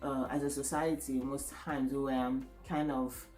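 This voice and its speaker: A woman's voice: a bass voice, level tone, moderate pace, a little mellow, faint music behind. A woman co-hosting a podcast, talking in an earnest, reflective way and often checking in with "right?". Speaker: podcast co-host. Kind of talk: casual podcast chat. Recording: roomy echoey room.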